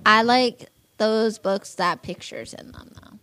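A woman's voice: a little high, takes it slowly, sharp tone, clean tone. A woman improvising a sleepy, sarcastic house cat with a dry, laid-back delivery. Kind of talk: improvised comedy role-play.

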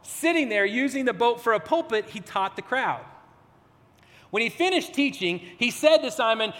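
Guy giving a chatty sermon, bright high voice, echoey hall. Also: animated, normal speed. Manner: conversational, storytelling, acts out quotes. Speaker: preacher.

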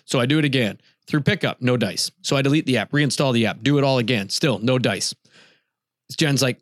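A man's voice: mid-range voice, brisk, no room sound, studio quality. A middle-aged man co-hosting a podcast, telling a long story in casual chat and laughing often. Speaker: podcast co-host.

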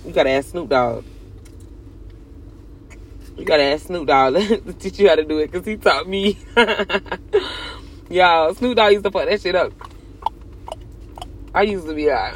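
A young adult woman chatting casually to her viewers, swinging from loud bursts to hushed asides as she curses and jokes. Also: lowish voice, lively intonation, measured pace, long pauses, a little hiss or hum. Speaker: vlogger. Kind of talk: casual chat to camera.

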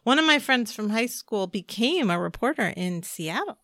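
Bright, slightly gravelly woman podcast host. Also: fairly high pitch, lively intonation, moderate pace, no echo, studio quality. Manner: teasing, laughs often, steers the talk. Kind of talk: casual chat.

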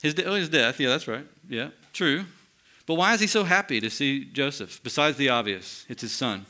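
A man teaching scripture to a small group, his voice bright and cleanly focused. He talks conversationally, stopping to quiz the listeners and warmly confirming their replies. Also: medium pitch, lively intonation, normal speed. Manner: asks the group questions and affirms answers; conversational with restarts. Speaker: pastor teaching a Bible study. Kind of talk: interactive Bible teaching.

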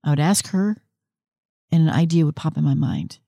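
A woman podcast host who interviews her guest gently, affirming her and asking questions. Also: deep voice, moderate pace, vocal fry, no room sound. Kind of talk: interview conversation.

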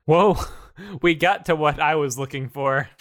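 A man's voice: fairly high pitch, a little slow, fairly bright tone. A man laughing often as he sets up improv comedy scenes. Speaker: improv performer.

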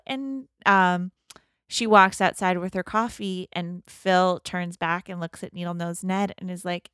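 A woman's voice: on the low side, a little slow, smooth, no room sound, studio quality. A woman casually retelling a movie plot in a comedy podcast, acting out the characters' lines, with lots of "like" fillers. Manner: animated storyteller, acts out quotes, lots of "like". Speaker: podcast co-host.

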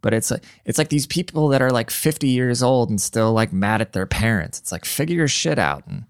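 A man's voice: medium pitch, expressive, brisk, clear, resonant tone, dry recording, studio quality. Blunt, profane male podcast host. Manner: blunt, profane, exasperated ranting. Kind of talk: casual ranting commentary.

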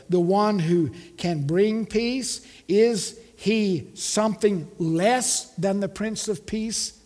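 A male pastor delivers a Christmas sermon in an unhurried, deliberate rhythm. His voice sits high and rings out in a church sanctuary with a long reverb tail. He builds with rhetorical questions and draws the congregation into repeating lines with him. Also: mellow. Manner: rhetorical questions, leads congregation call-and-response.

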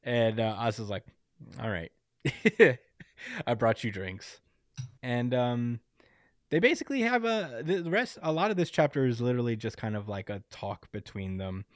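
A man in casual chat, recapping a story and acting out the characters' lines in quick voices, laughing often. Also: mid-range voice, very animated, clear, resonant tone, no room sound, clean studio sound. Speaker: podcast co-host recapping a manga chapter.

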